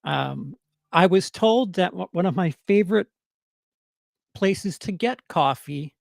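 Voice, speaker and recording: Gravelly New York man, halting chat. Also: high-pitched, animated, no echo, studio quality. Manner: halting, many stammered restarts and fillers. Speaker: livestream host answering chat. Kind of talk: casual livestream chat.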